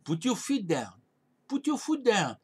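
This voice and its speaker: A man's voice: high voice, huge pitch swings, unhurried, husky. A man preaching a sermon as a pastor, urging listeners with emphatic, repeated commands. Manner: emphatic, repetitive exhortation.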